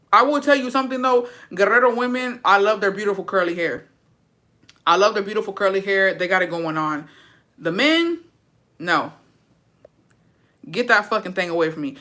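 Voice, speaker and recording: A woman's voice: lowish voice, fairly bright tone. A woman reacting to viewer comments in blunt, profane, sassy casual chat, repeating points for emphasis.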